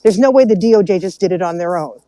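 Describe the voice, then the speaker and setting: A woman speaking on a casual online panel, measured and thinking aloud. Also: lowish voice, animated, dark tone, dry recording, rough recording.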